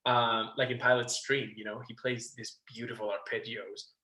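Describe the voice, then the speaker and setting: A man guest on a casual interview podcast, telling a backstage story with lively acted-out quotes, swearing and laughing. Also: medium pitch, normal speed, roomy sound, rough recording. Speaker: guest, musical theatre actor.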